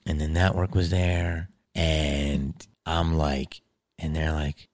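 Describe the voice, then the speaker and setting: An actor and comedian with a low-pitched voice tells a story slowly in casual conversation. He's animated and profane, acting out the people he quotes.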